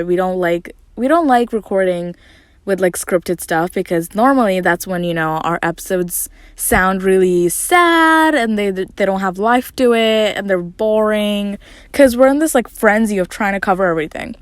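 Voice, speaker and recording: A woman's voice: mid-range voice, dry recording, studio quality. A woman hosting her podcast alone, talking in a chatty, rambling way with lots of fillers, recorded in her closet at home. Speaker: podcast host. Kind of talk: casual solo podcast talk.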